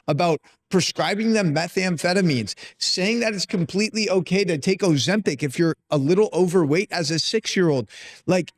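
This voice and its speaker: A man with a somewhat high voice hosts a podcast conversation. He speaks emphatically and with conviction, and throws in curse words. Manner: emphatic and impassioned, swears. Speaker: podcast host.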